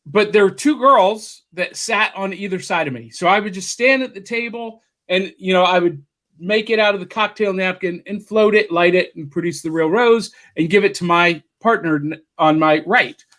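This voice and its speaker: A man hosting a casual podcast chat, telling stories in an animated way. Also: high-pitched, moderate pace. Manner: animated storyteller. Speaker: podcast host.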